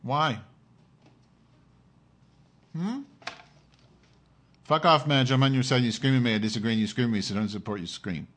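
A man's voice: medium pitch, normal speed, long pauses, fairly bright tone. A man hosting a live stream, ranting at his viewers in a profane, sarcastic and combative way.

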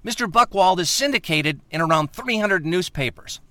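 A man delivering a mock news report as a correspondent, with a clipped, bright delivery. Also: high-pitched, animated, moderate pace, no echo.

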